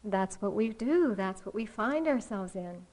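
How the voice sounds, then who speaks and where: A woman meditation teacher giving a dharma talk in a slow, reflective way, with soft pauses. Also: medium pitch, lively intonation, low-quality recording.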